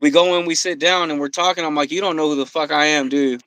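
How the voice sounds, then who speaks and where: A man telling a story on a podcast, swearing freely and quoting himself and others in an animated way. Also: on the high side, fast, clear, resonant tone, no room sound, low-quality recording. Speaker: podcast guest. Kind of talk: casual storytelling. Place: podcast studio.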